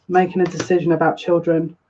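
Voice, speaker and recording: Quick and level, with a darkish tone, a mid-range voice delivers a casual live tarot reading. The reader repeats phrases and keeps coming back to "yeah, look." while lighting incense at home, captured in dull, faintly noisy lo-fi.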